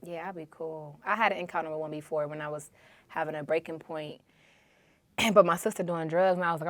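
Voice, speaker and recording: Animated woman host in a dry room. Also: sits low, brisk, dry recording. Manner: animated storytelling with quoted asides. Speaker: podcast host. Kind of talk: casual conversation.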